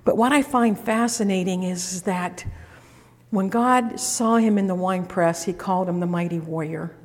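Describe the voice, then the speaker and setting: A woman's voice: lowish voice, moderate pace, darkish tone. A middle-aged woman preaching a sermon, telling the story in a folksy, conversational way with frequent restarts. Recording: echoey hall reverb.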